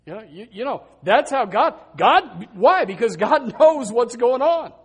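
A man preaching a sermon, telling stories with animated emphasis and a lot of repetition. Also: very high-pitched, a little slow, slightly rough.

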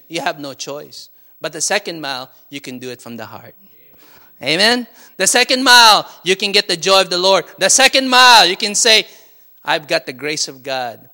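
A man's voice: on the high side, vocal fry, sharp tone. A man preaching a sermon as pastor, with frequent call-and-response and light laughter. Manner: call-and-response, asking "Amen?" and laughing often.

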